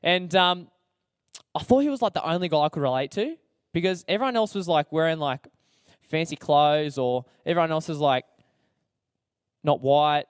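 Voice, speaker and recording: A young man with an Australian accent tells his story casually, full of slang and fillers and laughing at himself. His voice sits a little high for a man, and the recording is dry, with no room sound. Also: moderate pace, pauses often, clear, resonant tone, no room sound. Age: young adult. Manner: chatty, slangy, self-deprecating, many fillers. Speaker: speaker sharing his testimony.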